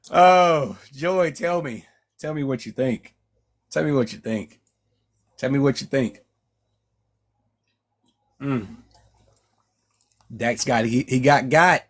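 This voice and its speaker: Slow, measured male author reading aloud. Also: mid-range voice. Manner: measured reading with frequent restarts. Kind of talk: reading his own novel aloud and chatting.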